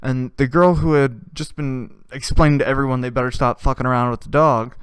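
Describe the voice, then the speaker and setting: A man's voice: medium pitch, steady tone, a little fast, smooth, no room sound. A man hosting a casual podcast, telling a story with frequent swearing, laughter and hummed tunes. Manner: laughs often and hums tunes while telling stories; swears freely. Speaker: podcast host.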